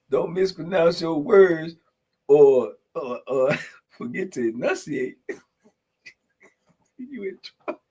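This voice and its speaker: A man's voice: on the high side, animated, slow, pauses often, a little mellow, husky, poor audio. A man hosting a morning podcast in casual banter, laughing often as he reacts to his chat. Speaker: podcast host. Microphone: podcast mic.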